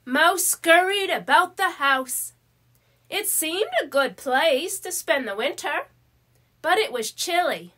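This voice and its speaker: A woman reading a children's story aloud in a slow, careful way. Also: extremely high pitch, animated, bright, forceful tone.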